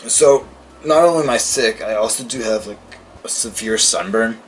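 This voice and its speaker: A man's voice: fairly low pitch, normal speed, distant mic, a little hiss or hum. A tired, worn-out man hosting a let's play, rambling casually between reading game lines aloud. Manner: rambling, lots of fillers.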